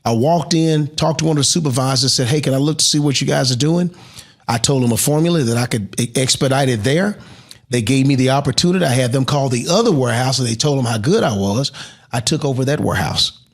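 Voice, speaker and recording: A middle-aged man recounts his story as an interview guest. His voice is husky, his pitch sits in an ordinary middle range, and he swings from excited rises to near-whispered moments. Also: quick pace. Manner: animated storyteller who drops to a hush at emotional moments. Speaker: interview guest, motivational speaker.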